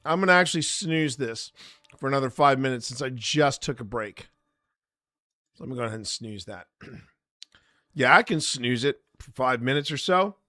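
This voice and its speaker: A man's voice: mid-range voice, pushed and bright, no echo. A man hosting a live stream, chatting to his viewers in a rambling way with many fillers, close to the mic. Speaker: streamer host.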